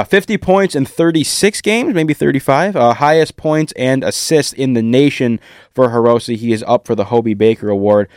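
Young male host, college sports show, smooth clear voice, dry studio sound, steers with deadpan jokes. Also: medium pitch, no echo. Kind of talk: casual sports chat.

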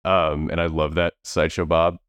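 Deep-voiced guy rambling through a movie review on a podcast, lots of ums, dry close mic. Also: flat delivery, normal speed, fairly bright tone, no echo. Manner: rambling, many fillers and restarts. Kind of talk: casual movie review chat.

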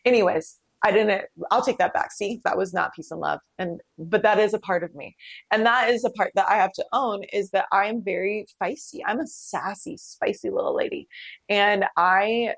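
Candid, animated woman with a dry sound. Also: mid-range voice, fairly quick, no room sound. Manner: candid, animated storytelling with frequent laughs and swearing. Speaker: podcast host. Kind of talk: casual personal monologue.

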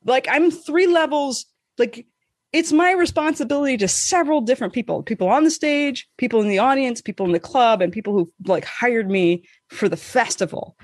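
A woman co-hosting a podcast, telling a story in casual chat, animated and swearing freely, acting out the voices she quotes. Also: fairly high pitch, normal speed, no room sound, clean studio sound. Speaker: podcast co-host.

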